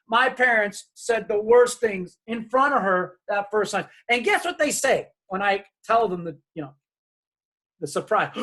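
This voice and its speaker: A man telling a personal story to an audience as a diversity speaker. He talks in an animated way and acts out the voices of family members as he goes. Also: high voice, normal speed. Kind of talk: storytelling keynote talk.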